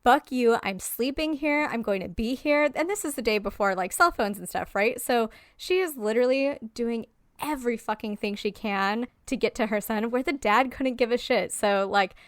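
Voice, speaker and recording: A woman's voice: fairly high pitch, moderate pace, no room sound, clean studio sound. A woman co-hosting a podcast, chatting casually, swearing freely and laughing often. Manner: profane, animated, laughs often. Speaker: podcast co-host. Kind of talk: casual chat.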